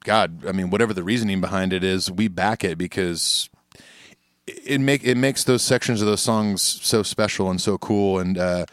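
A man's voice: deep voice, moderate pace, no room sound, clean studio sound. A man co-hosting a podcast in casual chat, laid-back and joking as he reads listener emails. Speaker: podcast co-host. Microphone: studio microphone.

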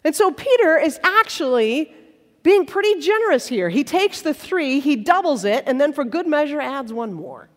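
A woman preaching a sermon in a large hall, telling the story in an animated, playful way. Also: high voice, moderate pace. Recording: long hall reverb.

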